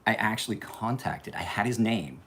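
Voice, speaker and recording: A man with a slightly low voice hosting a casual livestream. He rambles through personal stories with plenty of swearing and stops to greet viewers in the chat by name. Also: animated, normal speed, a bit bright. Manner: loose, profane, rambling anecdotes. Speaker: livestream host. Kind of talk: casual storytelling to live chat.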